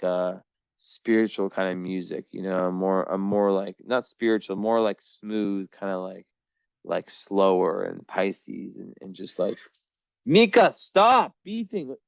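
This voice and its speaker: A man's voice: sits low, creaky, darkish tone, clear, resonant tone, dry recording. Young man, casual astrology chat, rambling and filler-heavy, dry dull lo-fi sound. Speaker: astrology reader.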